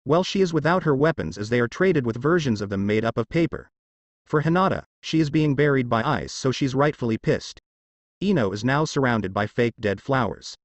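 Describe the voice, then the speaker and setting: A man's voice: medium pitch, animated, brisk, dry recording, dull audio. A man reading fan fiction aloud as narrator, stumbling over words now and then.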